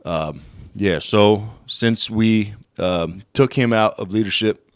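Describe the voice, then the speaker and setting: Young American male podcast host, casual and profane, stumbles through read-aloud text; slightly low voice, dry close recording. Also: no echo. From United States. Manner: profane, rambling, looks things up on air and reads aloud haltingly. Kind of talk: casual solo podcast rant.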